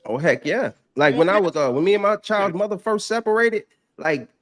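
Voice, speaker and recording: A man speaking candidly on a casual podcast panel in a relaxed, slangy, conversational way. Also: sits high, brisk. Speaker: panel guest.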